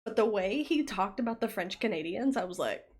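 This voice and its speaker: A young American woman with a soft Southern accent, chatting casually with her stream viewers. She rambles and often pauses on fillers. Her voice sits at an ordinary mid pitch. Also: animated. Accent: light Southern US. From United States. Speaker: livestreamer.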